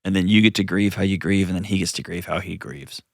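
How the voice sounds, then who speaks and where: A man hosting an advice call-in show, talking in an earnest, gently coaching way and often restarting his sentences. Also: deep voice, steady tone, quick pace, gravelly, no room sound, clean studio sound. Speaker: host.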